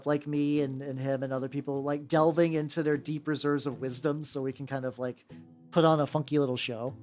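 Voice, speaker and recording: Rambling, swearing male streamer. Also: on the high side. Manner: rambling, swearing, slipping into goofy voices. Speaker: VTuber streamer. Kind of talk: casual chat while painting miniatures.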